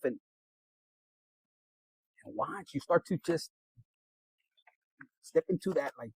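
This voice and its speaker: A man's voice: on the high side, expressive, slow pace, long pauses, slightly rough, no echo, low-quality recording. A man giving a casual tarot reading, preachy and blunt, swearing often and dropping in Spanish slang words. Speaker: tarot reader.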